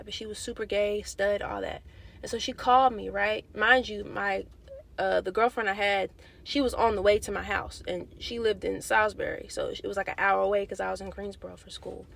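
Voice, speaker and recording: A young woman vlogger telling a personal faith testimony in a candid, animated, slangy way. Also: mid-range voice, vocal fry. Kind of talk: casual testimony.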